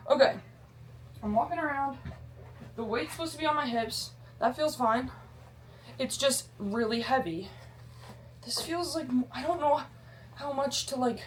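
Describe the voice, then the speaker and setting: A woman's voice: high voice, lively intonation, normal speed, pauses often, a little hiss or hum. A woman vlogging in a casual, rambling way, bubbly and self-deprecating, swearing freely and using a lot of slang. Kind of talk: casual chatty vlog.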